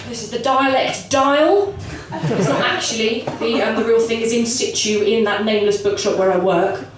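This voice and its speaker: A woman's voice: on the high side, a little slow, over music. A young woman with a cold doing a rambling, self-deprecating stand-up set, giggling between asides. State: has a cold. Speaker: stand-up comedian. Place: comedy club stage. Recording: echoey club recorded from far off with audience. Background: live audience.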